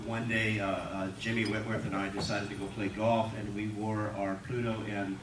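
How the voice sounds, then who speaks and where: A man's voice: lowish voice, level tone, normal speed. A man in his sixties, an actor on a reunion panel, telling rambling anecdotes and laughing at his own stories. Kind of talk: animated anecdotal storytelling. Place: convention hall panel. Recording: echoey hall, distant mic, noisy crowd ambience.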